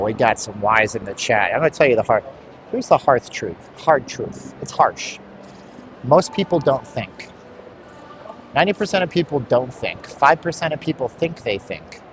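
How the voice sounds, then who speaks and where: A man live-streaming while walking outdoors on a hot city street, bluntly rambling to his chat. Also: mid-range voice. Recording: street traffic noise.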